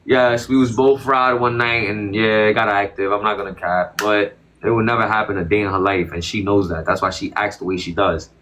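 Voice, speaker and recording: A man's voice: on the low side, steady tone, brisk, a bit bright, a little hiss or hum. A man as an interview guest, talking in a casual, emphatic and slangy way, often repeating himself defensively.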